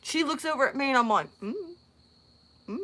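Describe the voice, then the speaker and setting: A woman hosting her channel, telling a story in a casual, animated way, laughing often and acting out other people in squeaky voices. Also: very fast. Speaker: channel host.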